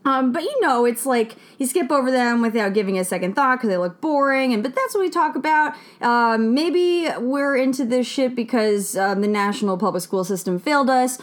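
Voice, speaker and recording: Young woman, podcast host; bubbly, rambling, lively pitch. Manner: bubbly, laughs often, rambling. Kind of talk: casual podcast chat.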